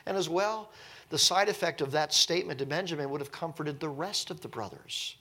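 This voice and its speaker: A man leading a casual Bible study, rambling and animated, acting out the people in the passage. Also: fairly high pitch, fairly quick. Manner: rambling, animated, acts out the people he talks about.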